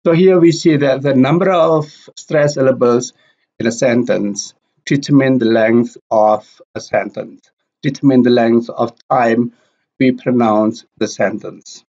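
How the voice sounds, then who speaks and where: A man explaining a language lesson slowly and deliberately, repeating example words. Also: medium pitch, fairly even intonation, a little mellow. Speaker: language teacher. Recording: dull lo-fi recording.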